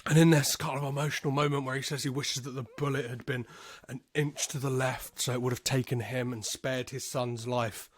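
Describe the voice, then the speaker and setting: A man hosting a podcast, recapping a film in a laid-back way, swearing freely and filling pauses with "um". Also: mid-range voice, flat delivery, no room sound. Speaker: podcast host.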